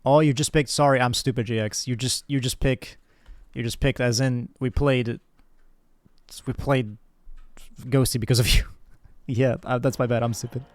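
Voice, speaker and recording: A man's voice: medium pitch, fairly even intonation, moderate pace. A young man from Brazil streaming a game, chatting casually with viewers, thanking them by name and rambling with fillers and laughs.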